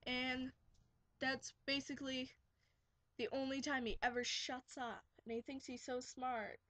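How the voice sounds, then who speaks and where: A woman's voice: high-pitched, flat delivery, a little slow, fairly bright tone, no room sound. Sarcastic teenage girl ranting. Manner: sarcastic ranting, quotes kids in mocking voices. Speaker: vlogger. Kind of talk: casual rambling vlog. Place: bedroom, sitting on her bed.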